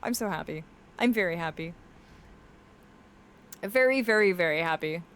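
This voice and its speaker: A woman's voice: fairly low pitch, expressive, normal speed, fairly bright tone. A woman streaming, chatting casually and affectionately with her chat, her voice cracking now and then. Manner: affectionate, reads chat aloud, often laughs.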